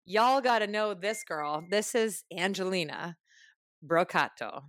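A woman's voice: mid-range voice, lively intonation, a little slow, no room sound, studio quality. A woman hosting a podcast, chatting effusively with her guest. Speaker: podcast host. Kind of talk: casual interview chat.

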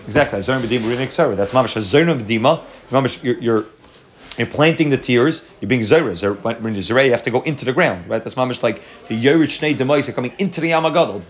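A man leads a Torah class at a quick clip, his voice sitting at an ordinary middle pitch. He explains in long running chains of thought, restarting phrases and weaving Hebrew terms into his English. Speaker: Torah teacher.

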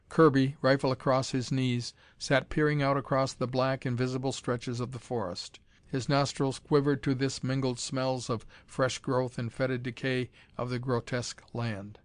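A man's voice: medium pitch, clear, resonant tone, no room sound. Man narrating in a dry close read. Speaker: audiobook narrator. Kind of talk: scripted narration.

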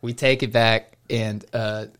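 A man's voice: fairly low pitch, little pitch movement, takes it slowly, a bit bright, smooth. A young man casually telling a long story on a podcast, rambling with restarts and breaking into laughter. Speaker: podcast co-host.

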